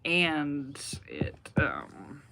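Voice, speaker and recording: A man's voice: fairly high pitch, wildly swooping pitch, very slow, vocal fry, noisy background. A man co-hosting a casual podcast, speaking hesitantly with many fillers. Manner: hesitant, lots of "like" fillers, agreeable. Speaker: podcast co-host. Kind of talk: casual political podcast talk.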